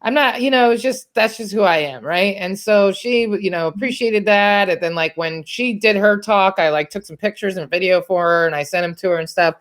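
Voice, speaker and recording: A woman's voice: mid-range voice, normal speed, hardly any pauses. A woman in her thirties from the Washington, D.C. area, a podcast host telling a personal story in a candid, chatty way, with plenty of fillers and casual swearing.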